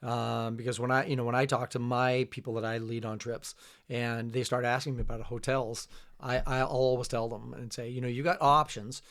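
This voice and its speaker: A middle-aged man, a trip leader, telling travel stories in a relaxed, casual podcast chat, trailing off quietly. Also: mid-range voice, normal speed. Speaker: guest, fishing trip leader.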